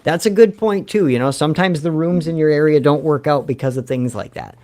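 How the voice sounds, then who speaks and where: A man's voice: fairly high pitch, fairly quick, a little mellow. A man, hosting a rambling, joking livestream and reading chat comments aloud. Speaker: livestream host.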